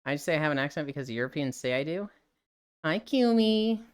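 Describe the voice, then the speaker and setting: A woman's voice: low voice, animated, fairly quick, clean tone, no echo, studio quality. A young woman with a light Midwestern American accent, chatting casually and tiredly on a live stream, swearing now and then.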